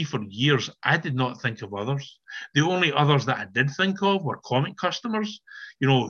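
A man's voice: medium pitch, pushed and bright, dull audio. An older man giving an earnest, emphatic personal testimony to a recovery meeting, sometimes repeating his words, over a video call.

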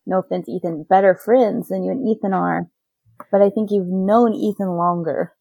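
A woman's voice: medium pitch, steady tone, moderate pace, vocal fry, warm tone, breathy edge, no room sound. Talkative, teasing woman guest, dry and close. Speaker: podcast guest. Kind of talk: casual podcast chat.

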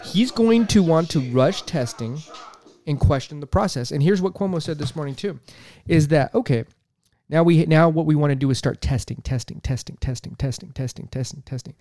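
Male podcast host, angry profane commentary, slightly high voice, dry close recording. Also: moderate pace, darkish tone, no room sound. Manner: heated, profane, repeats himself.

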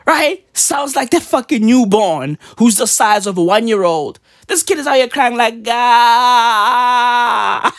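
A woman's voice: medium pitch, no room sound, clean studio sound. A woman vlogger in a profane, slangy comedic rant, mimicking sounds as she goes.

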